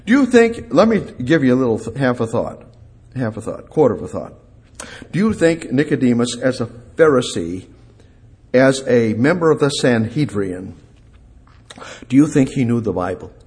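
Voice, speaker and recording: A man's voice: mid-range voice, big pitch swings, normal speed, a little mellow. A male preacher delivering a sermon, emphatic, repeating key words and putting questions to his congregation.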